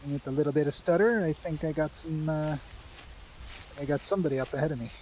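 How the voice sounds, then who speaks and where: A chatty man streams a hunting game live and talks viewers through what he is doing. His voice sits a touch high, with a faint hiss of noise behind it. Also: quick pace, darkish tone, rough recording. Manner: chatty, explains as he plays. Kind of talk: live gameplay commentary.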